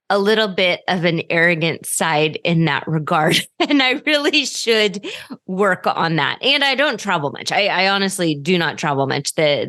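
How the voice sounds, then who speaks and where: A woman's voice: deep voice, a bit bright. A woman from the United States hosting a podcast over a video call, chatting casually and joking at her own expense. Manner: chatty, self-deprecating, laughs often. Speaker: podcast host. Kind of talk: casual interview chat.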